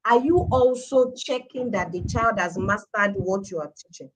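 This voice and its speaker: A woman's voice: mid-range voice, moderate pace, background noise. A middle-aged woman with a Nigerian accent, speaking as a guest on a live-stream talk show about parenting, stressing her points with repetition. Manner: emphatic, repeating points for stress.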